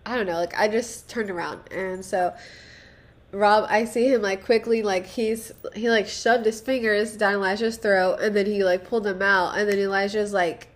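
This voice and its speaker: A woman's voice: medium pitch, steady tone, normal speed. A young woman hosting a casual solo podcast, rambling and profane, self-deprecating, with nervous laughs. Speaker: podcast host.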